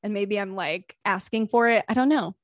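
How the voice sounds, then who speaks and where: A woman hosting a podcast, chatting casually and telling animated stories. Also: medium pitch, normal speed, no echo, highs cut off. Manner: chatty, animated storytelling with laughs. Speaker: podcast host. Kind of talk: casual chat.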